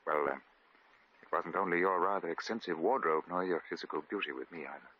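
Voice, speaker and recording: In a 1950s radio drama, an actor plays a genteel English lord, lovestruck, fussy and stammering as he dotes on his sweetheart. His low, natural voice moves briskly, on a dull old radio recording with slight background noise.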